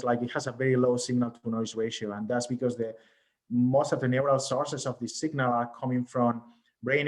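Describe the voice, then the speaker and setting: A man delivers an academic research lecture over a video call, with a voice of ordinary middle pitch. He explains patiently, step by step, and keeps checking that the audience is following. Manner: explanatory, often checks in with "right?". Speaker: research presenter.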